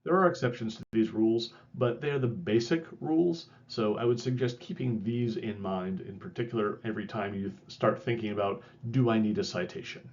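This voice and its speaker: A man's voice: fairly low pitch, brisk, hardly any pauses, dull audio. A man giving a recorded lecture in a conversational way, correcting himself and adding wry asides. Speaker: instructor.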